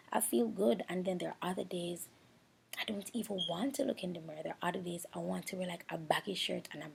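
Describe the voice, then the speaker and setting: Low, gravelly Jamaican woman, confessional. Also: fairly quick, darkish tone, a little hiss or hum. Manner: candid, rambling, emotional and self-searching. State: near tears at times. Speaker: beauty vlogger. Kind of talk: confessional voice-over chat.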